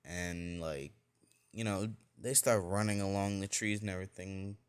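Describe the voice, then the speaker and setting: A low-voiced man tells a fan-made story off the cuff. He rambles and keeps reaching for fillers as he goes. The sound is dry and close. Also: fairly even intonation, unhurried, clear, resonant tone, dry recording. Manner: rambling, full of "like" and "you know". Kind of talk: casual fan-fiction storytelling.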